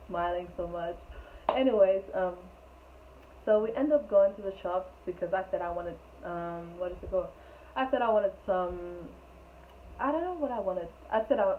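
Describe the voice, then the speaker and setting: A woman telling a storytime vlog in an animated, rambling way, full of "like", on a tinny, phone-like recording. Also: medium pitch. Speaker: vlogger. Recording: tinny phone-like sound, faint hiss.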